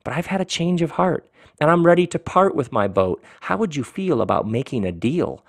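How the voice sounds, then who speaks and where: A man's voice: a little high, big pitch swings, moderate pace, vocal fry, no echo, studio quality, voice pushed up, exaggerated voice. Brief: man doing a raised, bragging storybook show-off who gloats in rhymes. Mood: sly, persuasive. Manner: boastful, singsong. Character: gloating smug man who owns a boat.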